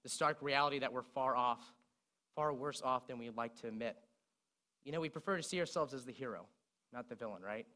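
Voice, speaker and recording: A man's voice: medium pitch, fairly quick. A young man preaching a sermon, retelling song lyrics as he speaks. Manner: recites song lyrics in a speaking voice, lively storytelling.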